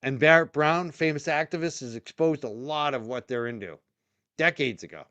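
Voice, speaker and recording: A man's voice: fairly high pitch, moderate pace, sharp tone, dry recording, muffled recording. A man hosting a live stream, giving rambling, opinionated commentary with frequent restarts and fillers. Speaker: show host.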